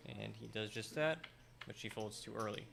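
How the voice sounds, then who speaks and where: A man giving measured, strategic live commentary on a poker game. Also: lowish voice, creaky, a bit bright.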